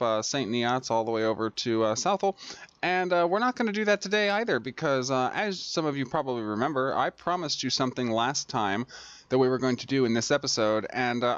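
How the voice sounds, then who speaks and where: A man's voice: mid-range voice, fairly bright tone, no room sound, muffled recording. A man hosting a gameplay video, talking casually with lots of fillers and restarts as he thinks aloud. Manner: rambling, many fillers and restarts. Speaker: gaming video host. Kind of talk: casual let's-play commentary.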